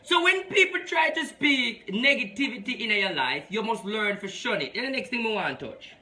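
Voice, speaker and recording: A man's voice: high voice, big pitch swings, moderate pace, sharp tone. A man, a spiritual advisor hosting a live reading show, talking emphatically and preachily as he mixes patois with English.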